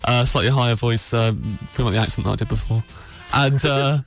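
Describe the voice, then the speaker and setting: A man's voice: mid-range voice, fairly quick, gravelly, soft background music. Rambling man telling a story. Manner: rambling, self-deprecating, restarts often. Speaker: podcast host. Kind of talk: casual anecdote telling.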